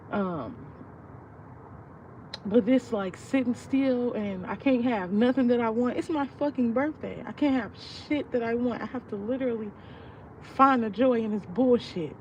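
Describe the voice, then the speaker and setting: A woman's voice: mid-range voice, darkish tone. A young woman vlogging casually, venting in a rambling, profane, heartfelt way about her feelings. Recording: distant, muffled mic with street noise.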